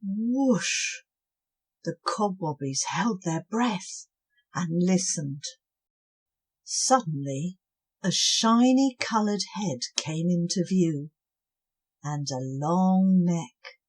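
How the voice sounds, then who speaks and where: A woman telling a bedtime story very slowly and softly. Her breathy voice rises and falls in an animated way, gentle all the while. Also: on the low side. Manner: slow and gentle, with lively swings. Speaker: children's storyteller.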